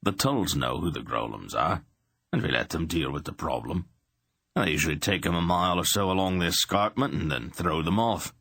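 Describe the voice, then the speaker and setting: A man doing a gravelly, matter-of-fact smith. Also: low-pitched, lively intonation, moderate pace, fairly bright tone, no room sound, full character voice. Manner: dry, matter-of-fact understatement.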